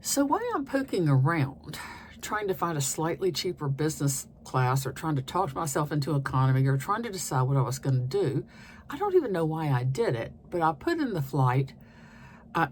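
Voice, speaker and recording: Brief: older American woman vlogger, low voice with lively swings, conversational and confiding, faint room hiss. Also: moderate pace. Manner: chatty and animated, dropping to a near whisper for asides. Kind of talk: casual travel tips to camera.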